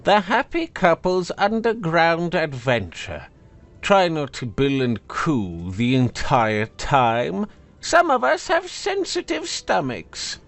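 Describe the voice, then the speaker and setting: A man puts on a spiteful talking sword for a fantasy storybook. The voice is nasal and pitched high, with a wheedling, sarcastic edge. It swoops up and down as it sneers. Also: sing-song, slow pace, a bit bright, heavily acted. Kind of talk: storybook narration.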